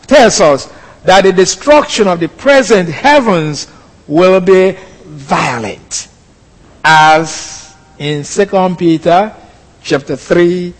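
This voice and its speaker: A man preaching an expository sermon, teaching slowly with pauses and fillers. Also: high-pitched, big-room sound, poor audio.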